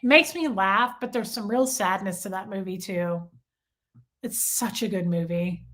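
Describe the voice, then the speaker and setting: A woman's voice: mid-range voice, moderate pace, a bit bright. A woman hosting a livestream, chatting casually and gushing as she reads out viewer comments. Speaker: livestream host.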